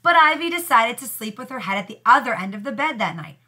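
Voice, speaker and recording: A woman teacher reads a storybook aloud to young pupils. Her telling is expressive, with a bright voice and a lively, rising and falling pitch that sits a little high. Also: fast talker.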